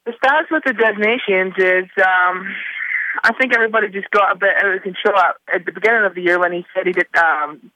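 A man's voice: high voice, fairly quick, pushed and bright, dry recording. A man calling in as a guest, talking in a laid-back, rambling way with lots of fillers. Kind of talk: casual phone-in chat. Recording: muffled phone line.

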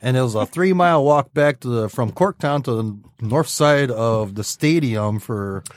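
A man's voice: medium pitch, lively intonation, a little slow, dry recording, clean studio sound. A man telling a rambling party story in a casual podcast chat. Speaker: podcast co-host.

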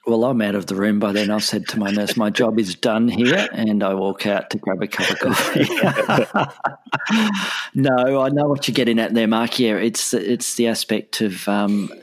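A man's voice: fairly low pitch, fairly even intonation, normal speed, few pauses. A man co-hosting a veterinary podcast, chatting casually and teasing his co-host, rambling with many fillers.

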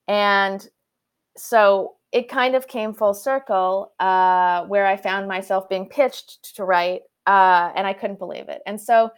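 A woman from Canada, a guest author, telling her story in an animated way with frequent restarts. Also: medium pitch, slow pace, clear, resonant tone. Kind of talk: conversational storytelling.

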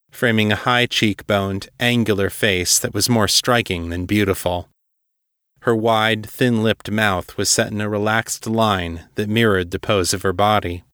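A man narrating a fiction story in a steady, measured audiobook style. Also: fairly low pitch, no room sound, studio quality.

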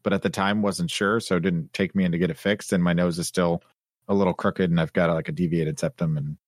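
Very deep voiced guy chatting on a podcast, dry quips, close dry mic. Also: steady tone, fairly quick, no echo. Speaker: podcast co-host. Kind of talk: casual chat.

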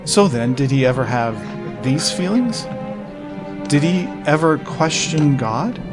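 A man preaching a sermon, working through a psalm verse by verse in an earnest, measured way and asking rhetorical questions. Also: a little high, lively intonation, over loud music.

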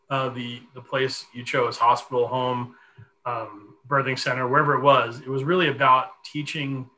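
A man in his forties telling a long personal story in a podcast conversation, animated and full of fillers. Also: medium pitch, a little hiss or hum, rough recording. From Connecticut. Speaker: guest.

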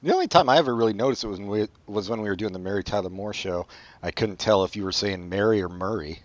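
Lower-voiced man with dry teasing humor. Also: fast talker, no room sound. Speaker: podcast co-host. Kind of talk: casual podcast chat. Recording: dull, dry sound.

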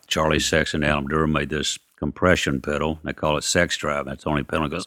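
Low deep voiced guy spinning a long story, dry close sound, lots of you know. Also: flat delivery, quick pace, hardly any pauses, a bit bright, no room sound. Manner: rambling, acts out quotes, lots of "you know". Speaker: musician telling anecdotes. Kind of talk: casual storytelling.

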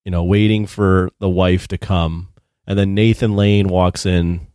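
A man's voice: low-pitched, fairly even intonation, unhurried, a little mellow, smooth, dry recording, studio quality. A man co-hosting a casual film review chat, retelling scenes with lots of laughter. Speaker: podcast co-host.

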